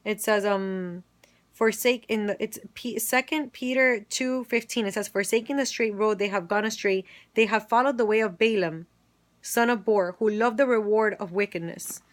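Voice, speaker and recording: A woman's voice: mid-range voice, normal speed. A woman leads a Bible study, walking through scripture and quoting its lines. Her voice sits in a middle range, and she often restarts her phrases as she explains. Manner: retells scripture with quoted dialogue, frequent restarts. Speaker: Bible teacher.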